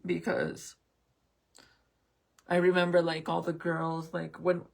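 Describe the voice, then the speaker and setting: Slow, creaky and monotone, with a lowish voice, this tearful New Mexico vlogger in her late thirties talks casually to her viewers. She curses freely and struggles against tears, laughing nervously as emotion takes hold.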